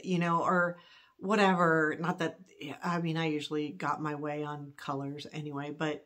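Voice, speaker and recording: Candid, chatty woman with a lowish voice. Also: level tone, normal speed, a bit bright. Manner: chatty and earnest, with frequent fillers and restarts; laughs easily while telling the story. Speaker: vlogger. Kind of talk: candid personal storytelling.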